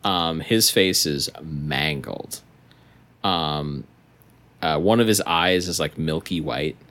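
A young man narrates a tabletop role-playing scene as game master. His voice sits very low, and he talks slowly. He pauses often and fills the gaps with ums. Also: pushed and bright. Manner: slow, hesitant narration with many ums.

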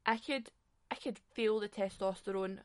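A woman telling a funny anecdote in a casual, animated way, swearing freely and saying "like" often. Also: medium pitch, normal speed. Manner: animated, chatty, swears a lot; frequent filler "like". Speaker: storyteller.

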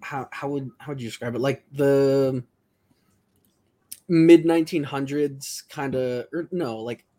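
A man takes part in a tabletop role-playing game, pausing to hunt for his words. His voice sits in an ordinary middle pitch. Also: mellow. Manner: hesitant, searching for words. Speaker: player.

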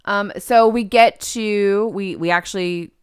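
A woman co-hosting a casual podcast chat, recapping a TV show and quoting characters in bright, exaggerated voices. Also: mid-range voice, measured pace, smooth, no room sound, clean studio sound. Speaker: podcast co-host.

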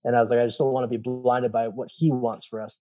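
At a quick pace and in a mid-range voice, a male guest recounts his own story casually. He animates it by acting out dialogue, with plenty of fillers and a recurring "I was like."

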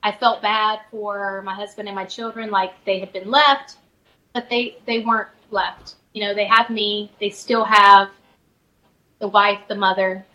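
A middle-aged woman, a spiritual advisor guest, softly and reflectively telling a personal story in a podcast interview, with many fillers and restarts. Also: medium pitch, fairly even intonation, a little slow, rough recording.

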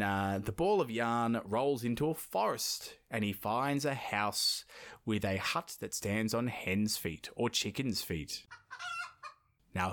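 A man's voice: on the low side, a bit bright. A man hosting a podcast, retelling a folk tale in casual chat with rambling, jokey asides. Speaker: podcast host, storyteller.

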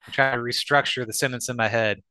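Joking man with a bright voice. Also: medium pitch, steady tone, fast talker, clean tone, dry recording. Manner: joking, swears often, acts out quoted banter. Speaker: guest. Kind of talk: casual chat.

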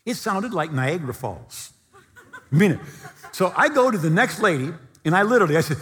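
Man, preacher, storytelling sermon, husky voice, lively pitch, long hall reverb. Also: brisk. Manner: animated storytelling, bursts into near-shouting.

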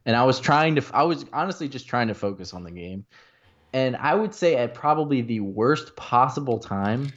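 Brief: young male sports podcast co-host, mid-pitched, rambling casual story, dull lo-fi sound. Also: animated, moderate pace, fairly bright tone. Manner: rambling, heavy with filler words.

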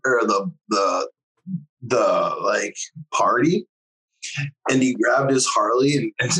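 A man with a husky voice tells a rambling story in casual chat and swears as he goes. His pitch sits in the middle of the range. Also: bright, forceful tone, poor audio.

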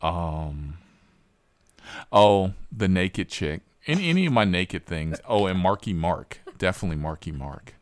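A man who hosts a rideshare show, telling profane, animated stories in a casual interview. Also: low voice, unhurried, dry recording. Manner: profane, animated storyteller with laughs. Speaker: rideshare driver and show host.

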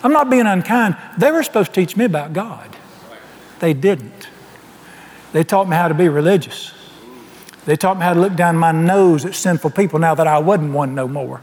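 A man's voice: fairly high pitch, moderate pace, darkish tone, big-room sound. A man preaching a sermon, telling his story in a folksy way and acting out the dialogue.

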